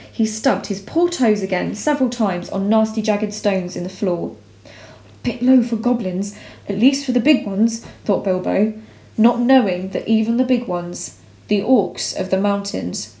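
A woman reading a storybook aloud in a measured, expressive way. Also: medium pitch. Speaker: narrator. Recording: roomy echo.

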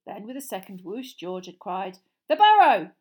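A woman narrating a storybook audiobook in a steady, clear reading voice. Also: mid-range voice, moderate pace.

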